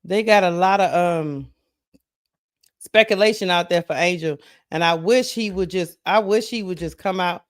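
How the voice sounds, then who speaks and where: A man's voice: sits high, moderate pace. A man hosting a live sports talk stream, chatting casually, greeting viewers by name and thinking aloud.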